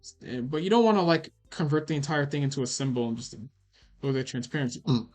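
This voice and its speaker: A man's voice: mid-range voice, lively intonation, fast, a little mellow, soft background music. A young man answering chat questions on a casual livestream, rambling and swearing with many fillers. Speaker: animator streaming a Q&A.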